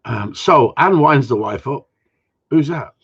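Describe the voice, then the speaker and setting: A man's voice: medium pitch, animated, a little slow, creaky, fairly bright tone, slightly rough. A man who trains gundogs, answering viewer questions in a blunt, rambling way with casual swearing. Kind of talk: casual Q and A chat. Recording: dull lo-fi sound.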